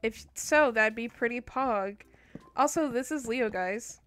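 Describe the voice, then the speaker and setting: Woman gaming streamer, sleep-deprived, high bright voice, chatty with sudden yelps, faint music behind. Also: a little slow. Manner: chatty, bursts into loud startled yelps. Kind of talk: casual livestream chat.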